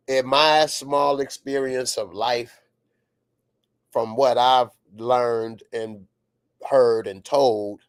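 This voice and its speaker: A TV show reviewer hosting his channel reacts to an episode in a casual, excitable way, laughing often and sometimes breaking into shouts. His voice is medium-pitched, and the studio-quality recording has no echo.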